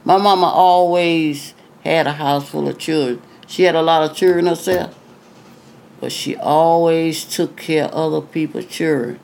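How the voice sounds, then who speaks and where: A woman's voice: sits low, steady tone, unhurried, vocal fry, darkish tone, slight background noise. An older woman, a retired singer, chatting in an interview and acting out voices from her stories, sprinkling in "you know". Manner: chatty, acts out quoted dialogue, frequent "you know". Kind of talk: casual storytelling interview.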